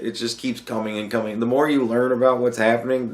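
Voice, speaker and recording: A young man hosts a podcast, swearing constantly as he rants with sarcasm. He talks briskly in a medium-pitched voice with few pauses, and his room echoes.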